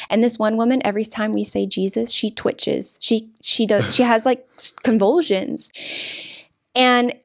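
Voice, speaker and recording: A young woman from California, appearing as an interview guest, speaks earnestly in conversation, often restarting and repeating her words. Her mid-range voice is creaky, captured in a dry, studio-quality recording.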